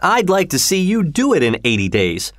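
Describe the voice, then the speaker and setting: A man voicing an excitable Victorian gentleman who throws out loud, challenging wagers. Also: mid-range voice, moderate pace, no echo, pitched above the performer's own voice, lightly acted.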